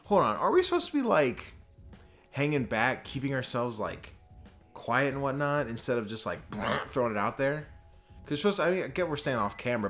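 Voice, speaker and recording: Dude doing a let's play, joking around, voice jumps all over, some music faint behind him. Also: male voice, mid-range voice, big pitch swings, brisk, fairly bright tone. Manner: reads game dialogue aloud with stumbles on names; joking and chatty between lines. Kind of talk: casual gameplay commentary.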